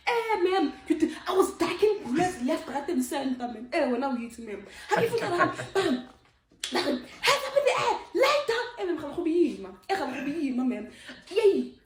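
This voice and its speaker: A woman's voice: sits high, very animated, moderate pace, crowd noise. A woman playing a cheeky schoolgirl with a South African accent, rambling excuses to her teacher. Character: cheeky, lying female schoolgirl full of excuses. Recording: echoey room.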